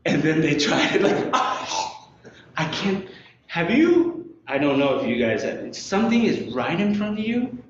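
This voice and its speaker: A man's voice: on the high side, very animated, normal speed, very echoey, lo-fi sound, a little hiss or hum. A man leading an interactive Bible lesson, asking his listeners questions and laughing often. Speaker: Bible study teacher.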